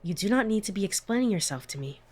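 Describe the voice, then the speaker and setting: A gentle caretaker, as a woman puts him on, speaking in soft, formal, soothing sentences with no contractions. The voice sits a little lower and quieter than her usual talk. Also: animated, quick pace, lightly acted.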